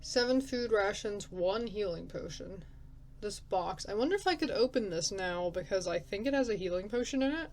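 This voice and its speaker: Woman, let's player, casual thinking aloud, reads game text, medium pitch. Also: lively intonation, normal speed, slight background noise, rough recording. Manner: chatty, thinks aloud, laughs at herself.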